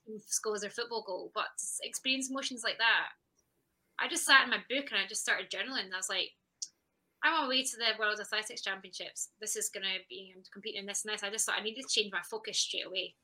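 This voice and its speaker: Bright-voiced woman telling her story. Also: medium pitch, fast, poor audio. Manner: candid and reflective, with frequent laughs and quoted self-talk. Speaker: athlete guest. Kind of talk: personal storytelling in a podcast interview.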